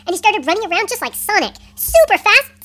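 Brief: fast, lively female storyteller, high voice, improvised kids' tale. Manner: animated, asks listeners questions.

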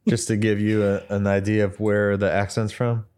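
A man's voice: fairly low pitch, flat delivery, moderate pace, darkish tone. A man co-hosting a podcast, adding short, laid-back remarks while discussing a TV episode. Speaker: podcast co-host. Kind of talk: casual chat about a TV episode.

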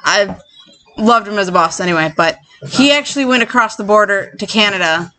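A woman co-hosting a casual podcast chat, profane and quick to laugh, often trailing off mid-thought. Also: mid-range voice, sharp tone. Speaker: podcast co-host.

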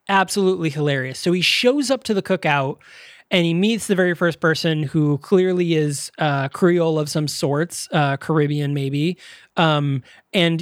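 A man's voice: sits high, no echo, clean studio sound. A man co-hosting a podcast, reviewing a movie in casual chat and rambling with lots of fillers. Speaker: podcast co-host.

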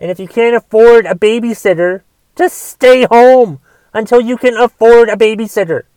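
A man's voice: very high-pitched, moderate pace, darkish tone, clear, resonant tone, dry recording. A man delivering a solo rant, exasperated and swearing often as he talks. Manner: profane, exasperated ranting with restarts.

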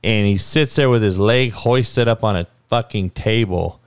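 A man's voice: lowish voice, measured pace, clear, resonant tone, no echo, clean studio sound. A man hosting his own podcast, ranting heatedly and profanely in a solo commentary. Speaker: podcast host.

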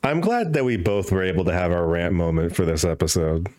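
A man's voice: deep voice, animated, fairly quick, darkish tone. A man co-hosting a podcast in casual chat, tossing in dry joking asides. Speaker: podcast co-host.

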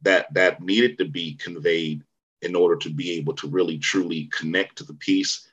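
A middle-aged man from the Bay Area recounting his start in acting during a relaxed interview, circling back with "you know" and restarts. His voice sits very low yet comes across bright and forceful. The recording is a little dull and muffled. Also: moderate pace, slightly rough. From Vallejo, Bay Area, California. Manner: rambling storyteller, many fillers and restarts. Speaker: actor, interview guest. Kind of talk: casual interview conversation.

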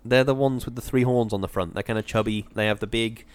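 A man co-hosting a podcast in casual chat, hedging his points with "sort of" and talking with gentle enthusiasm. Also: lowish voice, steady tone, quick pace, clear, resonant tone. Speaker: podcast co-host.

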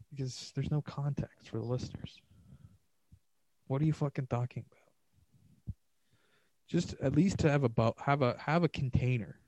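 A man's voice: medium pitch, darkish tone, no room sound, highs cut off. Profane rambling male podcast host. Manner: profane, rambling, sarcastic rants. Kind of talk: solo rambling podcast monologue.

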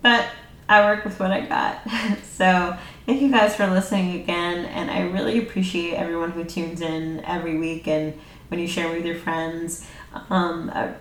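A woman's voice: fairly low pitch, a little hiss or hum. A woman hosting her own podcast, chatting casually and loosely, laughing often, with plenty of fillers. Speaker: podcast host. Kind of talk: casual solo podcast chat. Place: home room. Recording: roomy, a bit distant from the mic.

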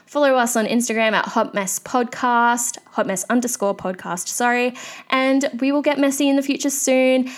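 A woman's voice: on the high side, normal speed, clean tone. A young woman hosting a solo podcast, ranting candidly in a chatty way with lots of fillers. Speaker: podcast host.

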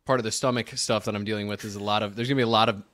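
A man's voice: on the low side, steady tone, racing, background noise. A man co-hosting a podcast in casual chat, often hesitating with filler sounds. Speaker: podcast co-host.

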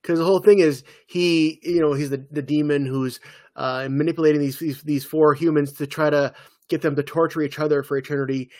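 Chatty man with a slightly high voice. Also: steady tone, fairly quick, darkish tone, no room sound, studio quality. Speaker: podcast co-host. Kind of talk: casual chat about TV.

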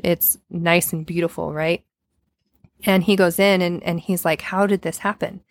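A woman's voice: lowish voice, steady tone, moderate pace, no room sound, studio quality. A woman co-hosting a podcast, casually telling a story with lots of filler words. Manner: chatty, retells a story with many filler words.

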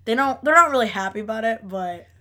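A young woman co-hosting a laid-back podcast. She speaks a little higher than usual and is relaxed and agreeable, with frequent small affirmations. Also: quick pace. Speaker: podcast co-host. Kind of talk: casual chat.

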